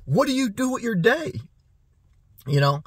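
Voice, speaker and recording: A man's voice: very high-pitched, big pitch swings, slightly rough, no room sound, clean studio sound. A man vlogging a direct-to-camera advice talk, preachy and repetitive, firing off rhetorical questions. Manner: preachy, rapid rhetorical questions, repeats himself.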